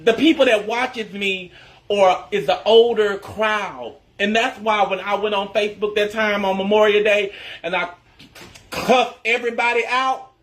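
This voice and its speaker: A man's voice: high voice, steady tone, measured pace, fairly bright tone. A man who creates social media content, telling a casual story to his followers in a chatty, emphatic way and addressing them as y'all.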